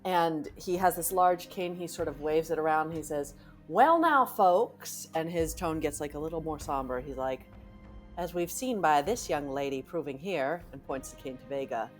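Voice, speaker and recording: Low-voiced woman telling what her tabletop character does, animated, faint music in back. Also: normal speed. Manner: animated storytelling with acted quotes. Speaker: player. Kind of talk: narrating a tabletop game character.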